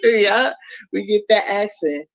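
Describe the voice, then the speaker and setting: A woman's voice: mid-range voice, slow, creaky, a bit bright, no room sound, dull audio. A woman with a New York accent, chatting as a guest, laughing often and insisting on her point. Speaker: guest co-host. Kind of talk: casual chat.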